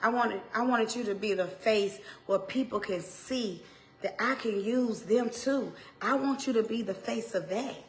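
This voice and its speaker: A woman minister with an Atlanta accent, preaching in a heartfelt talk that swings from hushed tones to loud exhortation, with Southern turns of phrase and repeated lines. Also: on the high side, a little slow. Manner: impassioned, swings from hushed to shouting.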